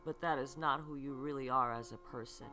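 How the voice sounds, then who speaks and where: A woman hosting a spiritual self-help podcast, speaking slowly and earnestly, asking the listener rhetorical questions and checking in with "okay". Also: a bass voice, steady tone, sharp tone, faint music behind. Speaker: podcast host and psychic reader.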